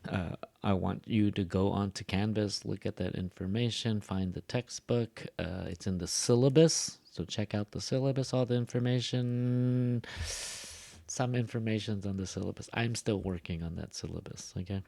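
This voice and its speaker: A man's voice: on the low side, moderate pace, gravelly, warm tone, dry recording. A man with a Californian accent teaching a beginner pronunciation class in a casual recorded lecture, rambling with many fillers and asides. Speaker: ESL teacher.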